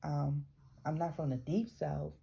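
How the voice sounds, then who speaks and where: Low, gravelly and dark, this Southern woman's slightly rough voice has its highs cut off, and she reads unhurriedly. She's reading a memoir aloud, often restarting words and slipping into chatty asides.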